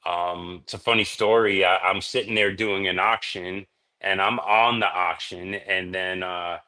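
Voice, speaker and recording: Casual male podcast guest, bright lowish voice, rambling storyteller. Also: steady tone, a little slow. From Florida. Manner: laid-back, rambling, peppers speech with "man" and "dude". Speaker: reptile breeder, podcast guest.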